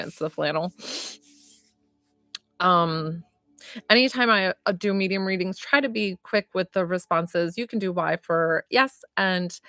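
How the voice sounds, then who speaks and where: A woman's voice: fairly low pitch, a bit bright, no room sound. A woman giving an emotional live-streamed psychic reading to her viewers, gushing and often close to tears, with lots of "like" and "um". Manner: gushing, emotional, heavy use of "like" and "um". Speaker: psychic medium.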